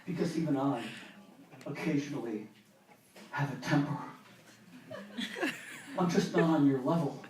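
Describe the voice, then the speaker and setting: A man doing a soft-spoken young woman. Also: mid-range voice, unhurried, long pauses, noisy background, pitched below the performer's own voice, lightly acted. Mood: earnest. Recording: echoey live club, mic from a distance.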